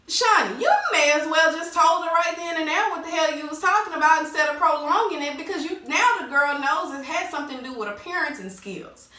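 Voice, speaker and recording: A woman recapping a reality show in a casual, slangy, animated way, acting out quotes in changing voices. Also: sits high, a little fast, few pauses. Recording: roomy echo, distant mic.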